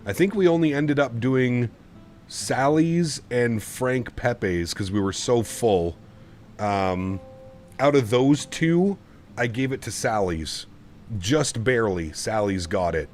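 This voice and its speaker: A man streaming a flight simulator, chatting casually with his viewers in a rambling, easygoing way and laughing often. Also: medium pitch. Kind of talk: casual livestream chat.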